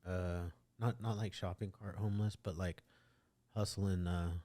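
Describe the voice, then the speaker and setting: Middle-aged guy, really low voice, chatting on a podcast, rambles and restarts a lot. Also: steady tone, measured pace, mellow. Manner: candid, rambling with many restarts. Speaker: podcast host. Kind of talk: casual conversation.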